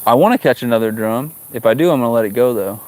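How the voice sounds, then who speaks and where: A man's voice: mid-range voice, quick pace, a little mellow. A man hosting a fishing livestream outdoors, chatting casually with viewers and joking in exasperation at the fish. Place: outdoors by the water.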